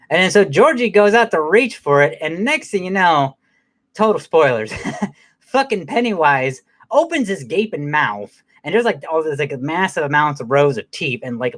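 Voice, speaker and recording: Man with a fairly high voice, rambling through a profane, casual movie recap. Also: fairly bright tone. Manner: rambling, with many fillers, restarts and laughs. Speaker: movie reviewer.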